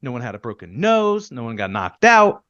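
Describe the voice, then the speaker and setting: A man co-hosting a podcast in heated casual chat, ranting and swearing, with quick loud bursts that then drop low. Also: sing-song, no echo, highs cut off. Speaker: podcast co-host.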